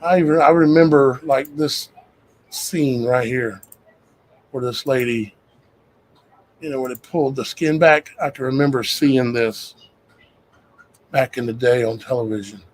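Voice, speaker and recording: A man's voice: medium pitch, steady tone, measured pace, pauses often, poor audio. A man, hosting his show and talking to viewers in a rambling, folksy way. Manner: rambling, conversational, folksy with "y'all guys". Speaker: show host. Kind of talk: casual talk to viewers.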